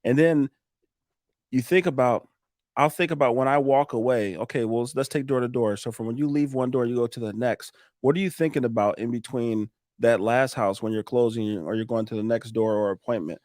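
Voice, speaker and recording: A man guesting on a podcast, talking in a lively coaching way with frequent restarts and laughs. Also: mid-range voice, a little fast, no echo, studio quality. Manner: animated, coaching tone, laughs often, restarts sentences. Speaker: podcast guest, roofing business owner. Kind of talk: casual podcast chat.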